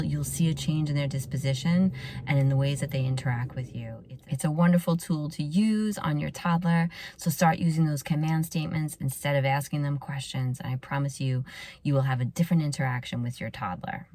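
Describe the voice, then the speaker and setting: A middle-aged woman, a pediatrician hosting a podcast, giving earnest parenting advice and often dropping to a hushed near-whisper. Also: deep voice, brisk.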